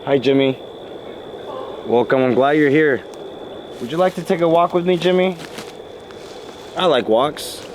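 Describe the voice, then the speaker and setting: A man's voice: fairly high pitch, unhurried, pauses often. Man coaxing a spirit over noisy audio. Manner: coaxing, gentle questioning. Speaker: paranormal investigator. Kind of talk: calling out to a spirit. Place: inside an old inn at night.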